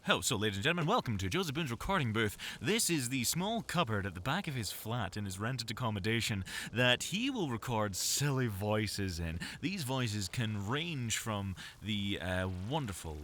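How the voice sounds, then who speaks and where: Lively self-mocking Scottish man. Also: lowish voice, normal speed, hardly any pauses, a little hiss or hum. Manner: self-mocking, chatty, waffling. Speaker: voice actor. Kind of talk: recorded game dialogue, rambling monologue. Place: small cupboard recording booth.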